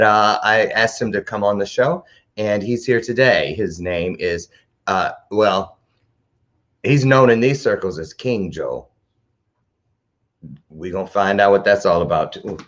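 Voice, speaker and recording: A man hosting a live talk show, chatting to camera in a rambling, animated way. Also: lowish voice, lo-fi sound.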